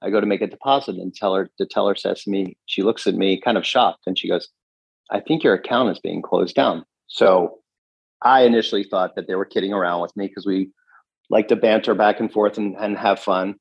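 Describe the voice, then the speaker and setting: A man's voice: low voice, fairly even intonation, brisk, gravelly, breathy edge, lo-fi sound. A man, a gun shop owner being interviewed, earnestly recounting what happened with frequent restarts. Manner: earnest, recounts events with restarts and quoted dialogue. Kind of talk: interview, telling his story.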